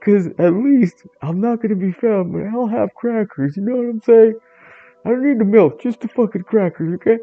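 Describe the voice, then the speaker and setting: A man's voice: high-pitched, normal speed, no room sound, phone-quality sound, pitched above the performer's own voice. A man doing a whiny, cracker-obsessed cat. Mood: whiny, pleading. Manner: whiny, loud and insistent. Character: dim, food-obsessed male cat begging for crackers.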